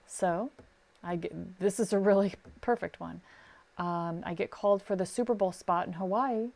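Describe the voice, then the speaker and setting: A woman's voice: fairly low pitch, normal speed, creaky. A middle-aged woman, a sound recordist, chatting casually on a podcast and acting out the people in her stories. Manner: animated storyteller, acts out quotes. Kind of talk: casual advice chat.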